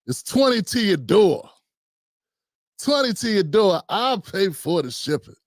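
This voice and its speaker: A man's voice: high voice, very animated, a little slow, dry recording. Joking livestream host, man, dry sound. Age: older. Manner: joking, rambling, talks to himself. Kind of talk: casual livestream talk.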